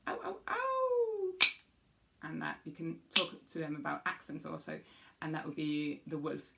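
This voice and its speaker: A woman's voice: sits low, completely flat delivery, moderate pace, vocal fry, very noisy. A woman music teacher patiently explaining a rhythm game for young children and demonstrating the beats aloud.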